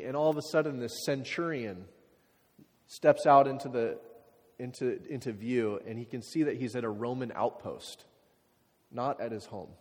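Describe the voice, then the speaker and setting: A man preaching a sermon, talking casually with lots of fillers and sometimes dropping to quiet, reflective passages. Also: medium pitch. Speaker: pastor. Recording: hall reverb.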